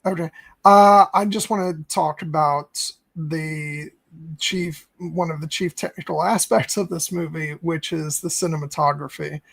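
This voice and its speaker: A man hosting a casual movie chat with a slightly high voice, recorded close and dry. He talks with eager enthusiasm, tripping over restarts and dropping the odd swear word. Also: steady tone, a little slow, creaky, fairly bright tone, no echo. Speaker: podcast host. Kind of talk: casual film discussion.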